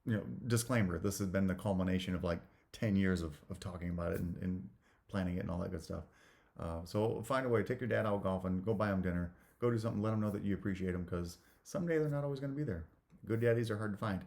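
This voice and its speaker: Middle-aged male vlogger, low voice, excited storytelling to camera. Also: fast, creaky. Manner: excited, animated retelling with fillers.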